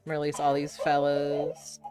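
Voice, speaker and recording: A woman's voice: low voice, completely flat delivery, slow. A woman streaming a game, chatting casually and playfully, laughing often and swearing now and then. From United States. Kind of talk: casual gameplay chat.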